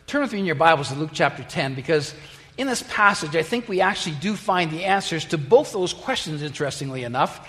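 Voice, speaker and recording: A pastor preaching a sermon and telling a story, with frequent fillers and restarts, in a church sanctuary. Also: male voice, on the high side, animated, fairly quick, fairly bright tone. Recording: long church reverb.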